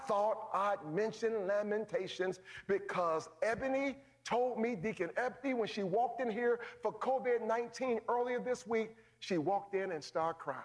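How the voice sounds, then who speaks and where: A man preaching a sermon as pastor, calling out to his congregation, swinging from shouts to hushed low tones. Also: a little slow, few pauses. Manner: calls out to the congregation, folksy phrasing.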